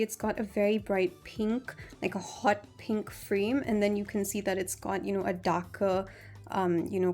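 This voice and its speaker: A woman's voice: medium pitch, mellow. A woman vlogger chatting casually through a product review, gushing and full of fillers. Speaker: beauty vlogger.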